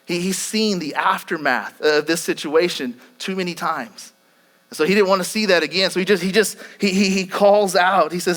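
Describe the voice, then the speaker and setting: High-voiced preacher retelling a story. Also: male voice, brisk, a bit bright. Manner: earnest storytelling, frequent repetitions and restarts. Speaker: pastor. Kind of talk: sermon.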